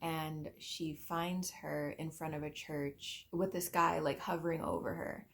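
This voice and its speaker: A book vlogger rambling casually to camera about books, self-deprecating and full of "like" fillers. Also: female voice, sits low, fairly even intonation, a little slow, vocal fry, fairly bright tone.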